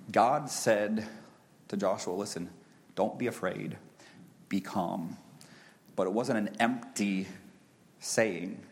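Man, pastor, low-pitched voice, preaching, climbs to loud high peaks, falls to a hush. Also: vocal fry. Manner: builds to loud, high-pitched peaks, then drops to a soft, hushed voice. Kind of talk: sermon.

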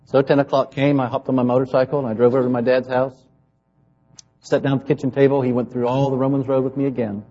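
A man's voice: medium pitch, little pitch movement, quick pace, highs cut off. A man preaching, telling a personal testimony and acting out the people in his story. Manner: storytelling, acts out quoted voices. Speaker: pastor.

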